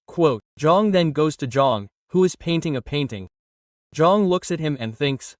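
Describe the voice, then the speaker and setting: A man with a fairly high voice reads a drama's plot in a brisk, even way. The sound is dry but a little distant from the mic, with no room around it. Each scene follows the last with little pause. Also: no echo. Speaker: drama recap narrator. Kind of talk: scripted plot narration.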